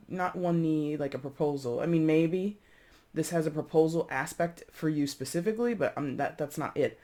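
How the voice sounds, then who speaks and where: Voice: mid-range voice, darkish tone. A tarot reader giving a casual reading to camera, chatty and rambling, often repeating and correcting themselves, with giggly asides.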